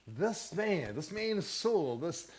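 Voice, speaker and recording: Pastor, male, slightly higher voice, lively preaching delivery that keeps asking the congregation questions. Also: takes it slowly. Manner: animated, asks the congregation questions. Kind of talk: sermon.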